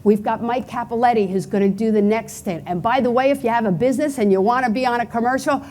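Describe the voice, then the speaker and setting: A woman's voice: fairly high pitch, fast talker, darkish tone. Chatty woman giving an award speech. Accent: Pennsylvania. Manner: chatty storytelling, acts out quotes. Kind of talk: unscripted acceptance speech. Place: banquet hall event.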